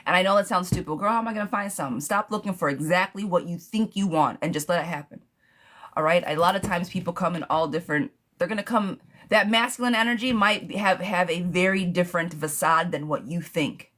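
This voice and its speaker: A woman's voice: on the low side, fairly quick, fairly bright tone. A woman giving a chatty live tarot reading, calling viewers darling and girl as she answers their questions. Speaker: tarot reader.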